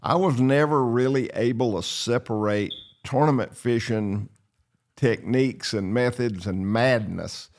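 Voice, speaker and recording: An older man from North Carolina with a Southern accent, telling stories in a casual chat with drawling, rambling pauses and self-deprecating humor. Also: medium pitch. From North Carolina, USA. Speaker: show host and former pro bass angler.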